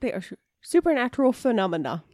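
A woman's voice: fairly high pitch, sing-song, fast, mellow, no room sound, clean studio sound. A woman co-hosting a podcast in casual chat, teasing and laughing often. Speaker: podcast co-host.

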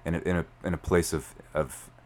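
A man, telling a story as a podcast guest in an animated way, full of fillers. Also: deep voice, a little fast. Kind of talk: storytelling in conversation.

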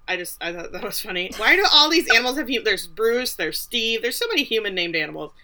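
A woman co-hosting a podcast, recapping a TV episode in casual chat, animated and swearing, acting out the characters' lines. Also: on the high side, fast. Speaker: podcast co-host.

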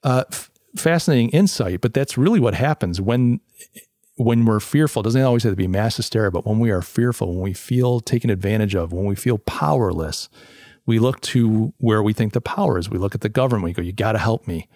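Speaking a little fast in a lowish, dark-toned voice, this solo talk-show host reviews a paper conversationally. He frequently restarts sentences and imitates what people say, and the studio sound is clean with no room sound.

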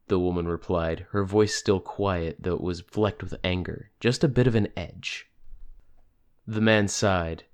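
A man narrating an audiobook in a steady, even reading. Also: deep voice, measured pace. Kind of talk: scripted narration.

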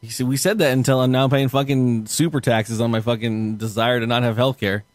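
A man's voice: mid-range voice, fairly even intonation, brisk, no echo. A young man co-hosting a casual podcast, swearing often, laughing and acting out his own reactions. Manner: profane, laughing, acts out reactions. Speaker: podcast co-host.

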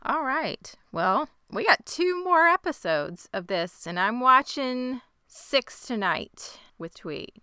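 A woman talks through a TV episode for a podcast in a casual, animated way. Her voice is bright and very clean, a touch lower than most. The sound is close and dry, with no room around it. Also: slow, hardly any pauses, clear, resonant tone, no room sound. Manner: animated retelling, swearing and laughing. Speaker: podcast co-host. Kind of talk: casual TV recap chat.

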